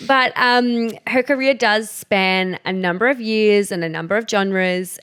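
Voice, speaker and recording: A woman's voice: medium pitch, unhurried, a bit bright, clear, resonant tone. A woman co-hosting a pop culture podcast, leading the segment in casual chat with many fillers. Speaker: podcast co-host.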